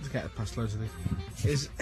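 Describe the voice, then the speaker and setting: A man's voice: mid-range voice, slow, loud music behind the voice. A man hosting a morning radio show, teasing and joking with his co-hosts. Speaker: radio host.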